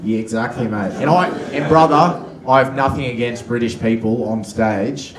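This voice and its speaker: A man's voice: mid-range voice, normal speed, a crowd in the background. A man doing stand-up comedy with dry, sarcastic storytelling. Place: comedy club stage. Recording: echoey club, distant mic, noise.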